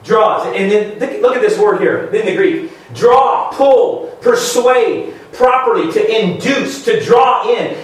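A male pastor preaching a sermon with emphatic, halting restarts and rhetorical questions. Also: high voice. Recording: very echoey room, voice from far off.

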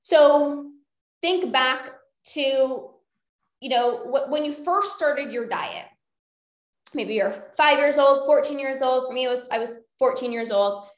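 A woman's voice: sits high, takes it slowly, echoey room. A woman hosting a solo podcast as a coach, chatting casually with many fillers and acting out inner voices. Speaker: podcast host and binge eating coach.

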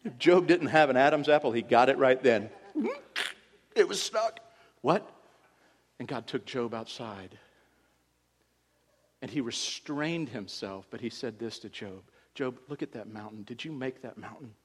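A male pastor preaching a sermon in a church, swinging from hushed lines to loud cries. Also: medium pitch, normal speed, big-room sound.

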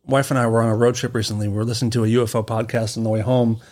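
A man's voice: mid-range voice, level tone, racing, a little mellow. A man speaking as a podcast guest in casual chat, talking in a loose, rambling and joking way.

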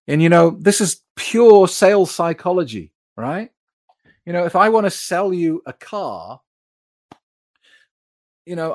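A man's voice: on the high side, no echo, studio quality. A man hosting a live sobriety support stream, reading out viewer comments and answering them in a chatty way.

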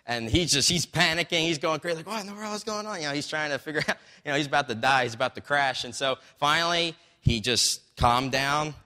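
A man preaching in an easygoing, storytelling way, his voice bright and forward. His words ring out with a long reverb that fills the church sanctuary around him. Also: fairly high pitch, a little fast. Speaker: pastor. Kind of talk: sermon. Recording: long reverb of a large hall.

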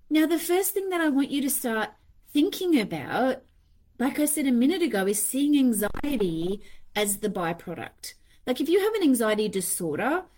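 A woman's voice: on the high side, darkish tone. A woman hosting a podcast in a candid, casual monologue, swearing freely and acting out her own inner voices. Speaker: podcast host.

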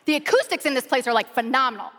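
A woman pastor preaching with an animated, excited, chatty way of telling funny stories from the pulpit. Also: sits high, rapid-fire. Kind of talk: humorous sermon storytelling. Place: large church auditorium. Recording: long reverb of a large hall.

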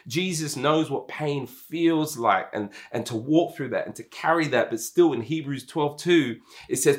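A man preaching a sermon as pastor, swinging between soft, slow passages and emphatic, rising ones, often repeating words. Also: medium pitch.

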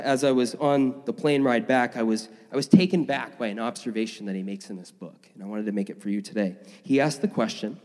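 Male pastor, mid pitch, eager sermon delivery with fillers, long hall reverb. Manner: energetic, enthusiastic with filler words. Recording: long reverb of a large room.

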